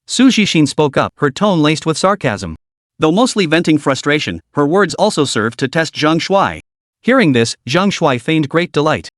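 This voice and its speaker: A man's voice: on the high side, lively intonation, normal speed, no echo, clean studio sound. A man narrating a story recap in a scripted, dramatic storytelling manner.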